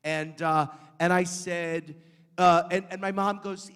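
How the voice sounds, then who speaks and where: A man telling rambling, animated anecdotes in an onstage conversation. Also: high voice, takes it slowly, smooth, in a large hall. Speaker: author being interviewed.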